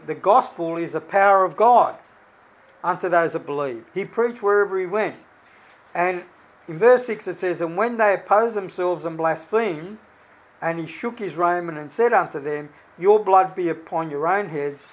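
A middle-aged man giving an informal sermon, mixing scripture with a personal story told in a chatty, animated way. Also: high-pitched, low-quality recording. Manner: conversational, animated storytelling with many restarts. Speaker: lay preacher.

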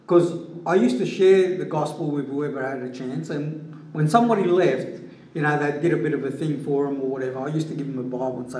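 A man's voice: fairly high pitch, darkish tone. Earnest man telling a story. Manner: earnest, rambling, chatty. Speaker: Christian giving a personal testimony. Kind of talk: casual spoken testimony storytelling. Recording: echoey room from a distance.

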